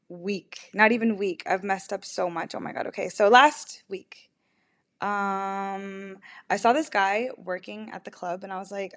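A young woman confiding into a laptop microphone from her room. She rambles anxiously, doubling back on herself with repeated words and half-finished thoughts. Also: medium pitch. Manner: anxious, rambling, self-interrupting with frequent restarts. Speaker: vlogger. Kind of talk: confessional storytime vlog. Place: her bedroom, alone.

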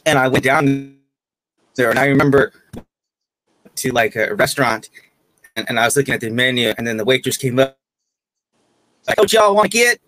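A man's voice: medium pitch, fairly even intonation, normal speed, long pauses, fairly bright tone, dry recording, rough recording. A man hosting a casual conversation, chatty and joking, who often stumbles over his words. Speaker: host.

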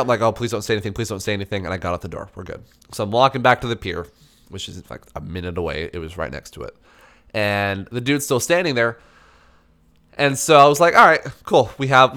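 A young man casually telling a story, animated, swearing and acting out the people in it. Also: quick pace. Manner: animated, swearing, acts out dialogue in a higher voice.

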